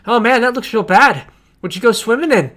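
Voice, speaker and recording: A man's voice: very high voice, expressive, a little fast, pushed and bright, pitched above the performer's own voice, heavily acted. A man putting on a giddy, rambling ship crewman. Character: eager, excitable male ship crewman.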